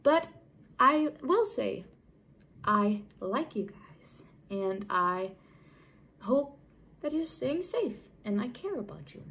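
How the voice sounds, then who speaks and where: A woman's voice: on the high side, big pitch swings, slow pace, gravelly, fairly bright tone, low-quality recording. A young adult woman vlogger talking casually to camera, rambling and chatty with frequent restarts. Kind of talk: casual unscripted talk to camera.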